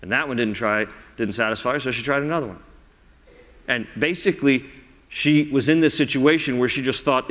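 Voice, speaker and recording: A man preaching a sermon as pastor, telling the story in an animated way and acting out the voices. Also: mid-range voice, a little fast. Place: large church sanctuary. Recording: reverberant church sanctuary.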